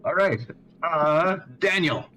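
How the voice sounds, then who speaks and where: A man's voice: fairly high pitch, expressive, slow pace, sharp tone, soft background music. Man running a tabletop game. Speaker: game master.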